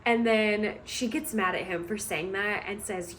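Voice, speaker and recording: A woman's voice: mid-range voice, unhurried, fairly bright tone, slight background noise. A woman book vlogger retelling a story she is reading, in a chatty, amused way with many hedging asides.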